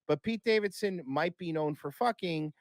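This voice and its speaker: A man's voice: fairly high pitch, normal speed, no room sound. A man talking as a podcast guest in casual chat, blunt and profane, rambling with restarts.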